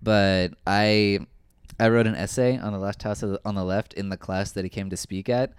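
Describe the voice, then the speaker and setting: A man's voice: fairly low pitch, steady tone, normal speed, smooth, dry recording, clean studio sound. A man co-hosting a podcast, recalling favorite episodes in an enthusiastic, rambling way. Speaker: podcast co-host. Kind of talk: casual podcast chat.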